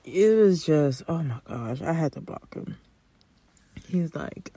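A woman's voice: low-pitched, expressive, slow pace, warm tone, husky. A young woman hosting a podcast, telling dating stories in a blunt, exasperated, profane casual rant. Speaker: podcast host.

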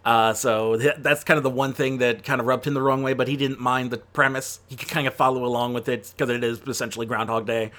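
A man's voice: mid-range voice, flat delivery, fairly quick, hardly any pauses, a bit bright. Chatty, rambling man reviewing films. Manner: rambling and chatty, full of fillers and self-corrections. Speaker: movie reviewer. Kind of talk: casual spoken film review.

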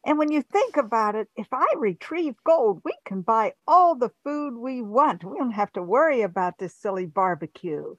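A woman's voice: on the high side, animated, moderate pace, few pauses, no echo, highs cut off. A woman voicing an eager, persuasive golden retriever dog.

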